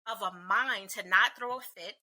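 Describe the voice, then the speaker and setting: Woman podcast host, very bright voice, encouraging, animated, laughs easily. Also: medium pitch, normal speed. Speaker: podcast host, balance and relationship advisor. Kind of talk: casual interview chat.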